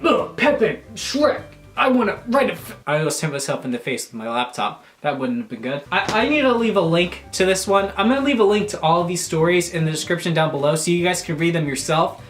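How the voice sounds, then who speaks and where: A man's voice: on the high side, fast, hardly any pauses. A man reads a clumsy fanfiction aloud in a comedy video and keeps stopping to mock it with sarcastic, swearing asides. His voice bounces around an echoey room. Faint guitar music plays behind him. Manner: incredulous, sarcastic commentary with frequent swearing. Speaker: YouTuber.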